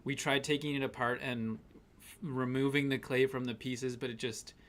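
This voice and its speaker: Male co-host, mid-pitched, easygoing chatter reading out viewer names. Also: fairly even intonation, normal speed, fairly bright tone. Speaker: live stream co-host. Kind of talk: casual live-stream chat.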